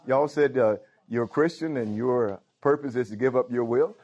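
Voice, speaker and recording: A man's voice: mid-range voice, moderate pace, darkish tone. Preacher man with a muffled sound. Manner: informal preaching with frequent call-outs to the congregation. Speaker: pastor. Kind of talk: sermon. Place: church.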